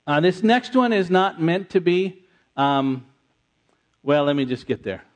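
A middle-aged man preaching an interactive sermon, conversational and animated, repeating answers from the congregation. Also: a little high, measured pace. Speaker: pastor.

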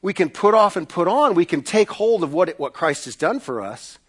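A man's voice: sits high, animated, normal speed, a bit bright, slightly rough. A middle-aged man preaching a sermon as a pastor, in an emphatic, repetitive preaching cadence.

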